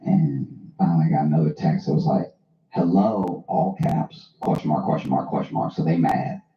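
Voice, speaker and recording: Man, very deep voice, deadpan comic storytelling, roomy dull-sounding recording. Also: moderate pace, creaky, slight background noise. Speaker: host.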